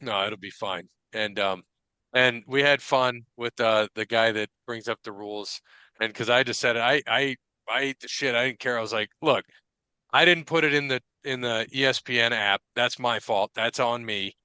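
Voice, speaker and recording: A man co-hosting a sports podcast in casual chat, telling animated, profane stories full of quoted dialogue. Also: medium pitch, normal speed, clear, resonant tone, no echo. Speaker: podcast co-host.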